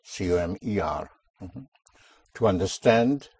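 Slow, husky male language teacher. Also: low voice, lively intonation, a little mellow, no room sound, studio quality. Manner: patient, repeats and corrects answers. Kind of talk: guiding a student through spoken drills.

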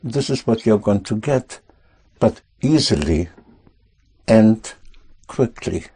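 A man teaching a language lesson to students, speaking slowly and patiently, prompting and correcting them. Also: fairly low pitch, lively intonation, mellow, husky. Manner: slow, patient, reassuring, repeats and corrects.

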